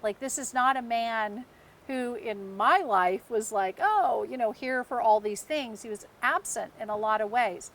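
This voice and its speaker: A woman's voice: on the high side, unhurried. A woman in her fifties from the United States, telling a long personal story as a podcast co-host, acting out the voices in it and laughing often. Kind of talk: casual storytelling chat.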